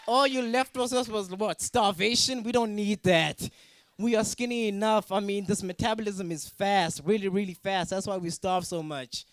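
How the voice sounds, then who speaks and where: A man's voice: high-pitched, fairly even intonation, moderate pace, no echo. A man from Africa doing a stand-up comedy set at a student talent show, teasing the crowd and judges with mock outrage.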